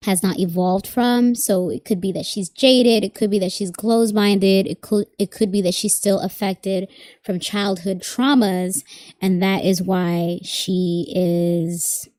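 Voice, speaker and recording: A woman's voice: medium pitch, darkish tone, no echo. A woman giving a live tarot reading, chatting casually and thinking aloud with plenty of asides. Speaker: tarot reader.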